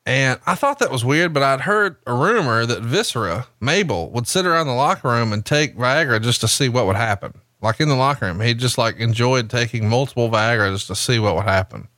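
A man of middling pitch hosts a casual podcast, ribbing his co-host with a crude, teasing tale. His voice rises and falls a lot as he tells it. The sound is dry and close. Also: expressive, a little fast, few pauses, sharp tone, no room sound. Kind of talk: casual chat.

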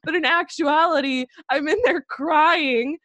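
A woman's voice: high voice, measured pace, bright, forceful tone, no room sound. A young woman co-hosting a casual podcast. She tells stories full of swearing and giggles, and drops her voice when she quotes other people. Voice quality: profane, giggly storytelling. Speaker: podcast co-host.

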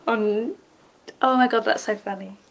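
A woman reacting to a show episode by episode in a sarcastic, offhand way. Her voice sits fairly high and swings widely in pitch. She swears freely and thinks out loud. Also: animated, moderate pace. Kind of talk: casual reaction commentary.

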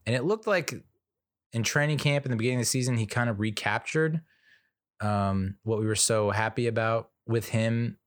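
A man's voice: mid-range voice, moderate pace, no echo, studio quality. A man giving a casual, rambling commentary monologue as a sports fan, full of fillers, restarts and blunt opinions.

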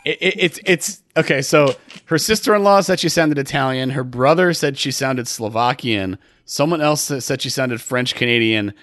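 A man co-hosting a casual chat podcast, talking in a halting way with many fillers and restarts. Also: medium pitch, fairly bright tone, dry recording. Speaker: podcast co-host.

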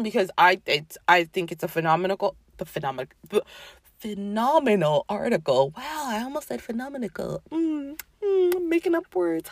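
Animated, sarcastic woman podcast host. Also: medium pitch, no echo. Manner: animated, profane, sarcastic, mock-quoting others. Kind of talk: casual ranting monologue.

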